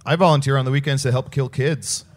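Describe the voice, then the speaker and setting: A man playing a deadpan local of a fantasy land in improvised comedy, stating dark things matter-of-factly. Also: medium pitch, fast talker, close to an everyday voice.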